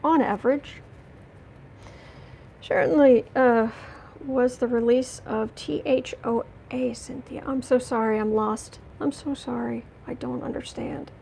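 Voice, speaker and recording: A woman giving a livestreamed tarot reading, talking indignantly and emphatically with halting restarts as she greets chat. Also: a little high, steady tone, creaky, darkish tone, a little hiss or hum, poor audio. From United States. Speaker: tarot reader.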